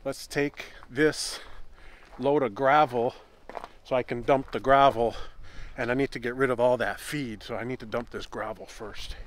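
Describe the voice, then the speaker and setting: A man casually narrating his day on a small farm, relaxed and chatty. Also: moderate pace. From Canada. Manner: relaxed, chatty, talks to animals in a high coaxing voice. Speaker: farm vlogger. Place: outdoors on a farm.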